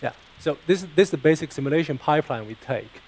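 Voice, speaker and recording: A man's voice: fairly high pitch, expressive, fast talker, a little mellow, slight background noise, rough recording. A man answering technical questions about his research, hesitant and often repeating words. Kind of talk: technical Q&A after a talk.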